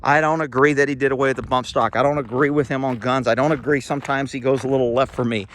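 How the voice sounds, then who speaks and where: A man's voice: medium pitch, steady tone, quick pace, a bit bright, slight background noise. A middle-aged man, rambling bluntly while walking outdoors, slightly out of breath, recorded on a phone. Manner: rambling, blunt, chuckling asides. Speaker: vlogger. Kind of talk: casual walking monologue. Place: outdoors on rural property. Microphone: phone held while walking.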